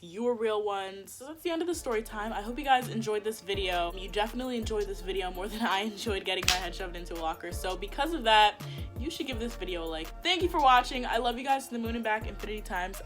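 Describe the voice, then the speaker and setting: A woman's voice: mid-range voice, fast, soft background music. A young adult woman telling a story in a casual vlog, chatty and emphatic, saying "like" constantly. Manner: chatty, emphatic, heavy use of "like". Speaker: vlogger.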